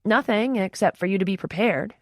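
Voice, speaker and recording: A woman voicing a brisk, serious female publicist who speaks in a crisp, firm, businesslike way. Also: mid-range voice, no echo, studio quality, pitched above the performer's own voice, close to an everyday voice.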